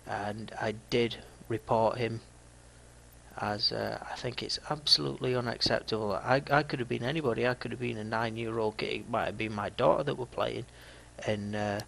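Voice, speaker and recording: A gaming YouTuber in his thirties from Yorkshire, England, chats with his viewers in casual video commentary, his tone dry and mocking and his Yorkshire accent clear. His mid-range, gravelly, fairly bright voice stays steady at a moderate pace. The audio is poor, with a little hiss or hum.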